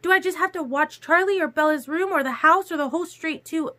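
A woman doing a cold, high young vampire girl. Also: fairly quick, sharp tone. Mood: cool, defensive. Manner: cold, clipped replies. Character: young female vampire, cool and insistent.

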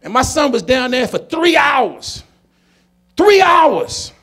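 A comedian in his forties tells a personal story to a conference audience. His voice sits very high for a man and has a husky edge. He is preachy and emphatic, often climbing into shouts. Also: sing-song, unhurried.

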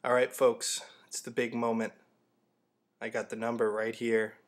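A young man in a deadpan, casual comedic style, giving mock how-to advice as the host of a comedy video. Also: medium pitch, unhurried.

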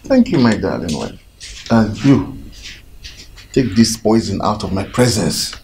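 A man's voice: lowish voice, moderate pace, warm tone, a little hiss or hum, lightly acted. A middle-aged man with a Nigerian accent playing a stern, domineering father who gives harsh commands. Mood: cold. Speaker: father and husband. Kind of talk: film drama acting.

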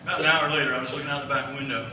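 A male pastor preaching a sermon, telling a family story in a folksy, animated way. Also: medium pitch, racing, a little hiss or hum. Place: church sanctuary. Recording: echoey church hall from far off.

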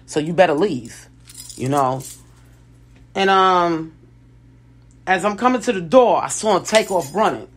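A woman tells a story straight to her viewers, casual and animated. Her voice sits a little low, and she keeps restarting and correcting herself as she acts out what others said. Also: a little slow, long pauses, a little hiss or hum.

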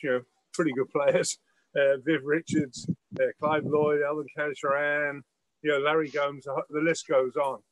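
A man's voice: a little high, no room sound, rough recording. Older man chatting while he cooks. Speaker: celebrity cook host. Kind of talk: casual chat while cooking.

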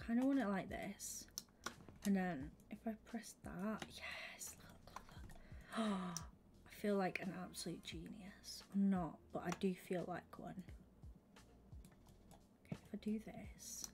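A young woman livestreaming a game, chatting with her viewers and thinking out loud, often slipping into a whisper. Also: mid-range voice, measured pace, pauses often. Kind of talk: casual gaming stream chat.

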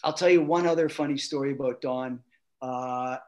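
A middle-aged man, a guest actor, telling animated anecdotes and acting out quotes with laughter. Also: mid-range voice, moderate pace. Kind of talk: anecdotal storytelling.

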